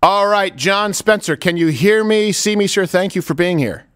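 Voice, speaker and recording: A man's voice: high voice, normal speed, over music. A man hosting a political talk show, emphatic and joking, with frequent laughs. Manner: animated, emphatic, laughs often. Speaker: host.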